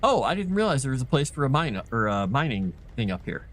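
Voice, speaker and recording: A man's voice: medium pitch, sing-song, fairly quick, a bit bright. A man giving goofy, casual commentary while he streams a game. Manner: goofy, chatty. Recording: noisy background.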